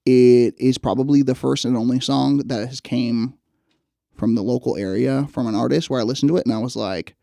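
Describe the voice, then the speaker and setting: Male guest, gravelly low-key voice, casual and excitable, dry close sound. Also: no echo. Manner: excited, laughing, quick asides. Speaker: guest rapper. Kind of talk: casual chat.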